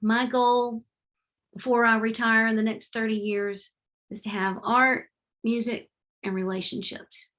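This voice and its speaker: A middle-aged woman giving a heartfelt, animated presentation over a video call. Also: on the high side, measured pace. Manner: warm, heartfelt and animated, with faith-tinged phrasing. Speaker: presenter at a webinar. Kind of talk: presentation with slides. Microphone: remote video call.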